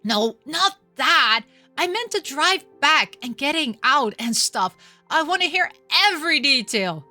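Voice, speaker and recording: Woman doing a high, gushing girlfriend. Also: very animated, a little slow, bright, forceful tone, faint music behind, exaggerated voice. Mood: eager. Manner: high, gushing and breathless with relief. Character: sleepy, emotional young woman Ten. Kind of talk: reading a visual novel aloud.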